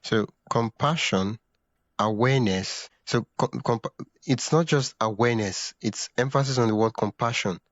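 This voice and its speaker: Male podcast host, mid pitch, thinks aloud, dull dry sound. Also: moderate pace, dry recording. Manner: thinks aloud, searching for words with restarts. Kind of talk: casual interview chat.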